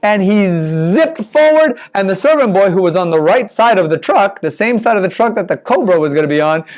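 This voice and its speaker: Animated male storyteller with sound effects. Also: sits high, fast. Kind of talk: children's story telling.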